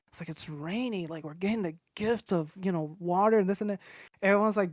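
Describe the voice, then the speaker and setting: Speaking at a quick pace in a high-sitting voice, a young man rambles through a long personal story on a podcast, cursing freely and imitating what each person said. The sound is clean studio audio, dry and without echo.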